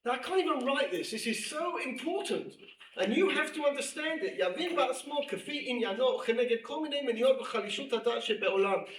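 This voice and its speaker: High-voiced male teacher in an echoey room. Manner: animated, emphatic repetition, quotes Hebrew texts quickly. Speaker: teacher at a women's seminary. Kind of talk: lecture to a class. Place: room with a class present. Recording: echoey room, distant mic, faint hiss.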